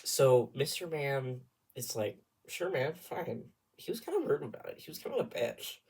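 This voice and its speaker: A young man chatting in a casual vlog, telling a long, rambling story with animated asides and sudden dips into whispering. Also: medium pitch, moderate pace, husky. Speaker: vlogger.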